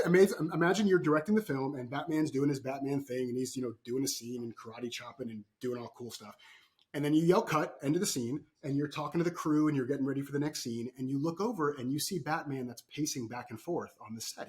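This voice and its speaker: Animated man telling stories on a podcast. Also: mid-range voice, fast talker. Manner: animated storytelling, frequent "right?" tags. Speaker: podcast guest, performance coach. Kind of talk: podcast interview.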